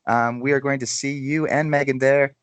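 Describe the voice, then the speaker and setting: A man's voice: mid-range voice, steady tone, normal speed, clear, resonant tone, no room sound. Chuckling male podcast host, dry sound. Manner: chuckling, stumbling over repeated words. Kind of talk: casual chat.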